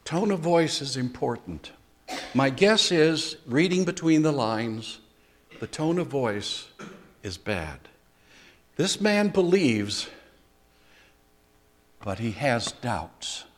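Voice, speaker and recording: An older man preaching a sermon as a pastor, conversational, with dry humor and pauses. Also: medium pitch, very animated.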